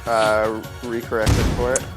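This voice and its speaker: A man co-hosting a casual gaming stream, chatting in a relaxed way and laughing often. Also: lowish voice, a little slow, over music. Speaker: co-host.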